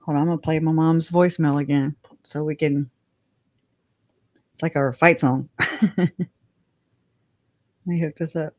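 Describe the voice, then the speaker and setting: A woman hosting a casual livestream, chatty and giggly, whose voice leaps up high when she gets excited. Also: unhurried, long pauses, dry recording. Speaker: livestream host.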